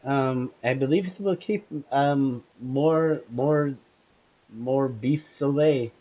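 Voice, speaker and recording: A man voicing a cautious adult woman adventurer with a put-on Russian accent. He speaks slowly and haltingly, as if choosing each word. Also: mid-range voice, dark tone, poor audio. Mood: wary. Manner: slow, halting, hesitant delivery. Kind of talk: tabletop role-play in character.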